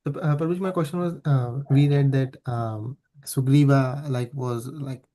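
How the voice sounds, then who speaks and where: A man's voice: mid-range voice, steady tone, moderate pace, warm tone. A man attending a class, politely and hesitantly asking a question.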